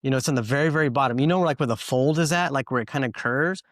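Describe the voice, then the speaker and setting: Male podcast host, casual and rambling, animated when telling stories, dry sound. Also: medium pitch, rapid-fire, dry recording. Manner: rambling, filler-heavy, animated storytelling.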